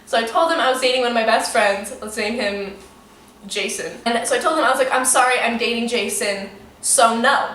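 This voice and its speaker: A young woman telling a story to camera in a casual, animated way, swearing freely and saying "like" a lot. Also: a little high, a little fast, slight background noise. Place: room in front of a window. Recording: echoey room, mic a bit distant.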